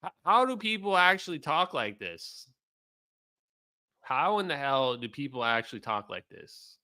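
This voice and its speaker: A man's voice: a little high, big pitch swings, unhurried, bright, forceful tone, clear, resonant tone. A man hosting a livestream, reacting to a clip in a mocking, profane way and talking to his chat. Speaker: streamer host.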